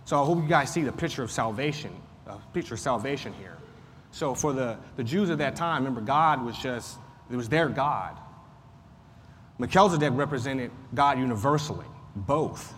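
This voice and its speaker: A man's voice: mid-range voice, normal speed, a bit bright. A man teaching a Sunday school Bible class in a conversational way, repeating points and using frequent fillers. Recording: faint noise, long room reverb.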